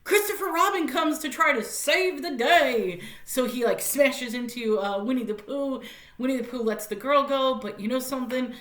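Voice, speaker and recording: A woman's voice: sits high, normal speed, a bit bright, echoey room. A woman giving a casual, chatty spoken movie review, often laughing and using lots of fillers.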